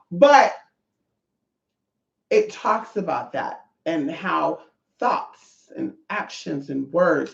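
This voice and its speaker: A spiritual teacher in a casual, sassy monologue full of profanity. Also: mid-range voice. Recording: echoey, slightly dull room sound.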